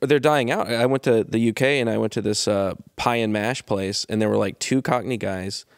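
A laid-back man co-hosts a podcast and rambles through casual chat with an easy chuckle. His voice has a gravelly texture, and the room sound is dry. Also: fairly low pitch, moderate pace, no room sound. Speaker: podcast co-host.

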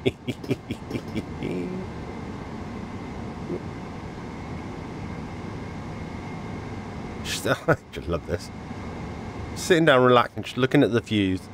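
Giddy, lively man gaming. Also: mid-range voice, brisk, pauses often, a little hiss or hum. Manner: excitable, chatty, giddy. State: tired, with a cough. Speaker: gaming video creator. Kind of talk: casual gameplay commentary. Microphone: wearing a VR headset.

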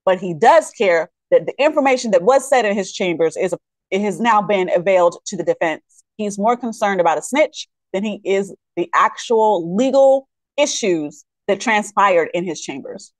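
A woman's voice: mid-range voice, expressive, moderate pace, no room sound. A woman giving indignant, sarcastic commentary on court footage, mock-quoting the people in it. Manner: indignant, sarcastic, mock-quotes the judge in put-on voices. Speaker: legal commentator.

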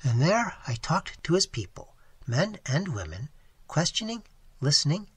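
A young waitress, as the reader gives her voice, recounts her story with candor and good humor. The delivery swings widely in pitch and sounds husky, breathy, and dry, close to the mic. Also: sing-song, unhurried, dry recording, exaggerated voice. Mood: candid. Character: earnest young waitress telling her tale. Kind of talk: audiobook narration.

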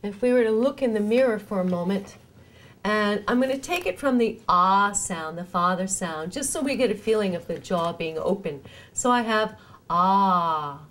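Female dialect coach, patient drill voice, clear slow vowel modelling. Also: medium pitch, lively intonation, a bit bright. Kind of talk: speech lesson drills.

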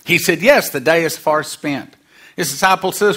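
A man's voice: fairly high pitch, moderate pace, sharp tone. A man preaching a sermon, acting out quoted voices and dropping humorous asides.

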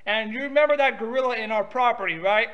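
Man prank calling, very high voice, pushy, cuts in, says dude a lot. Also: fast, highs cut off. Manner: pushy, talks over the other person, says "dude" a lot. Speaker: prank caller. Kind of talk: prank phone call.

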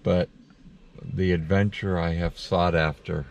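A man's voice: low-pitched, level tone, slow, creaky, highs cut off, slight background noise. An older man chatting casually on a camping vlog, laid-back and chuckling often. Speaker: vlogger. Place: campground, outdoors and in a car. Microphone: action camera.

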